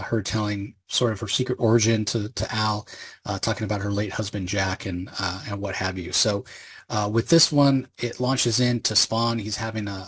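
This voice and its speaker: A man's voice: on the low side, breathy edge. A man casually recapping a comic issue, enthusiastic and rambling with frequent fillers. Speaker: comic book reviewer.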